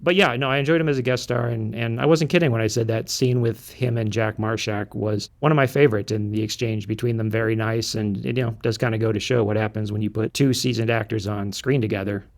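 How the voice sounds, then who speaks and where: A man hosting a casual podcast chat, measured and wry, putting questions to his co-host. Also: fairly low pitch, fairly even intonation, creaky.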